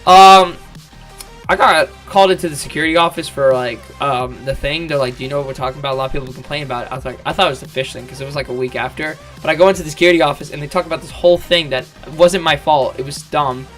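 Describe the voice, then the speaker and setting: A man's voice: a little high, quick pace, fairly bright tone, faint music behind. A young man telling a rambling story about school, swearing a lot and restarting often. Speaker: vlogger. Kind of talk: casual storytelling.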